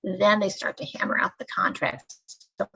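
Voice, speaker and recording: Gravelly-voiced woman teaching a workplace lesson. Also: mid-range voice. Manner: measured, explanatory. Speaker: staff trainer. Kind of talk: recorded training lecture. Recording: dull lo-fi recording.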